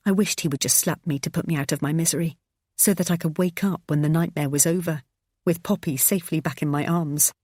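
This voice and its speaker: A woman reading a first-person thriller audiobook, tense and expressive. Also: low-pitched, fairly quick, no echo, studio quality. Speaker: audiobook narrator.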